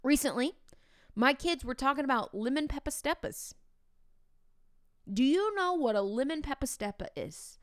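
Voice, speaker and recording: A woman in her thirties hosts a teaching podcast in a chatty, animated manner, tossing playful asides to the listener. Her voice sits a little high. The recording is dry and close, with no room sound. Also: moderate pace, pauses often, dry recording. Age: 30s. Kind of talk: casual podcast talk.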